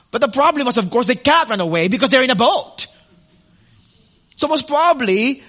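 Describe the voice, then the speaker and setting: Male pastor, high bright voice, expressive sermon with questions to the room. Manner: expressive preaching with rhetorical questions and audience asides.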